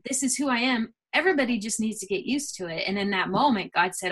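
A middle-aged woman, a guest, telling a personal faith story in an earnest, animated way with many fillers. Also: a little high, fast talker, husky. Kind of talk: personal testimony in a conversation.

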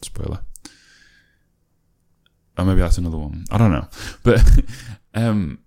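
A man's voice: low voice, slow, dark tone. A man, a musician casually reflecting on his own old music, rambling and musing with many fillers and self-corrections.

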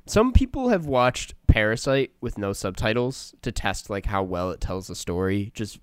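A young man co-hosting a podcast, chatting casually and telling animated stories with frequent laughs. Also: on the low side, normal speed, clean tone, dry recording, clean studio sound. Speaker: podcast co-host.

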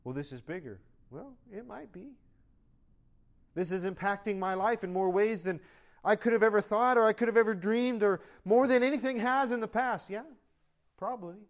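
High-voiced man preaching a sermon. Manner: swings from loud emphatic preaching to soft conversational asides; speaks in short repeated phrases. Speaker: pastor.

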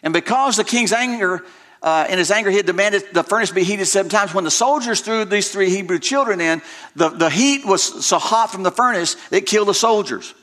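A man preaching a sermon in a high, bright, ringing voice. He tells the scripture story with drama and keeps doubling back on his words as he goes. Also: a little fast. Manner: retells scripture dramatically with frequent word repeats.

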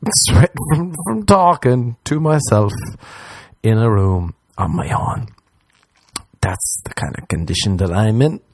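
An Irish man hosting a solo comedy podcast, rambling crudely and mocking himself, his voice leaping up in pitch for jokes. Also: expressive, a little slow, a little mellow, husky, no echo. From Ireland. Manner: crude, self-mocking rambling with sudden high-pitched jumps. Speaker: podcast host. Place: small room, alone.

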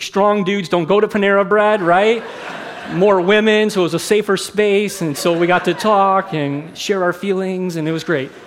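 A man's voice: sits high, slight background noise. A middle-aged man, a pastor, preaching a sermon in a candid, conversational way, mixing personal stories with teaching. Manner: candid, conversational, self-deprecating.

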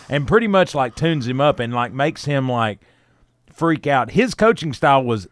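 A man co-hosting a sports talk show, retelling a story in a lively way with laughs and acted-out quotes. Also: medium pitch, no echo, clean studio sound. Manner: animated retelling, laughing, with quick quoted voices. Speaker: sports radio co-host.

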